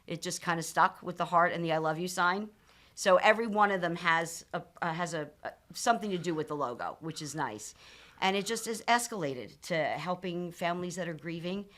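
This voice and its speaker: A woman in her fifties with a low voice tells a personal story on a podcast. She speaks candidly and earnestly, pausing on ums and restarting her sentences as she goes. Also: a bit bright. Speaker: podcast guest, nonprofit founder.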